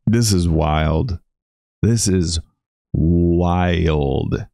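A man hosting a casual reaction video, talking in an excitable, incredulous way and laughing often. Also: low voice, very slow, creaky, no room sound, studio quality. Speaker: YouTube reaction host.

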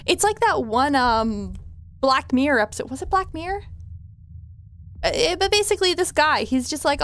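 A woman giving chatty, excitable let's-play commentary as she plays a game, reacting out loud and swearing freely. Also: high voice, normal speed. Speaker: gamer playing a game.

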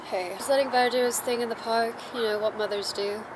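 A woman's voice: fairly high pitch, steady tone, a little fast, background noise. A woman in her twenties chatting casually to camera, bubbly and rambling. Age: 20s. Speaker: vlogger. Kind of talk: casual vlog chat.

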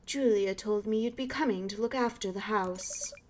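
A woman's voice: mid-range voice, moderate pace, slight background noise, natural voice. A woman voicing a stern, formal older woman with a posh British accent who looks after a graveyard. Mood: prim. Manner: formal, clipped and curt.

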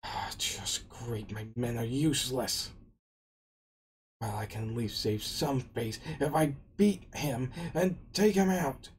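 A man's voice: mid-range voice, slow pace, slightly rough. A man voicing an arrogant male navy officer who mutters irritably to himself. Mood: annoyed.

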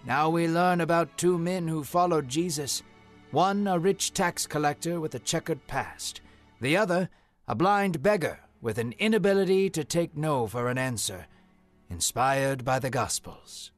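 A man narrating a scripted Bible story in a dramatic, expressive way. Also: fairly high pitch, a little slow, soft background music.

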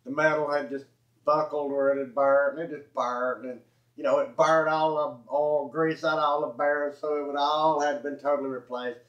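A man's voice: fairly high pitch, little pitch movement, moderate pace. Southern man, casual storyteller, self-correcting and chuckly; roomy, muffled recording. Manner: rambling, self-correcting, chuckling folksy delivery. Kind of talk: casual spoken anecdote. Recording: echoey room, dull lo-fi audio.

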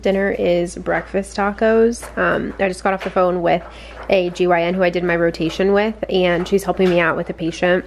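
A woman's voice: lowish voice, fairly even intonation, moderate pace, a little hiss or hum. A woman in her twenties, a nurse practitioner talking casually to the camera, chatty and venting with lots of fillers. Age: 20s. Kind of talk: casual vlog chat.

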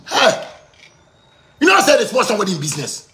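A Ghanaian man in his thirties rants in Pidgin-tinged English, his voice pitched high and bright. He swings up and down wildly, repeating himself and bursting into shouts. The sound bounces around a roomy space. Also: racing, creaky, pauses often. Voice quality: loud, excitable, repetitive. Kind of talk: heated rant.

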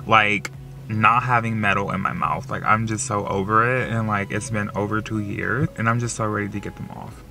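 Young-sounding male vlogger, chatty and emotional, slightly low pitch with a bright tone, heavy on the fillers. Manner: filler-heavy, says "like" constantly; excitable and emotional. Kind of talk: casual vlog chat.

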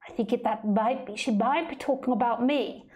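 A woman's voice: fairly high pitch, moderate pace, darkish tone, natural voice. A woman voicing an anxious listener who fears being a narcissist, fretful and self-doubting. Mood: worried. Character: anxious listener fearing they are a narcissist.

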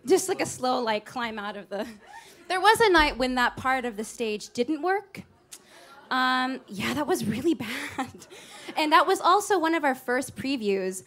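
A woman's voice: high voice, fairly bright tone. A woman performer chatting to a club audience between songs in a rambling, anecdotal way, heard on a live recording over a band. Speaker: singer and stage performer. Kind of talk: cabaret stage banter. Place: small live music venue.

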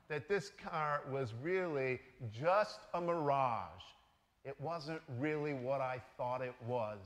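Bright-voiced priest preaching in a church. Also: male voice, sits high. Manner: conversational storytelling, animated. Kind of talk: sermon. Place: church sanctuary. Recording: reverberant church hall.

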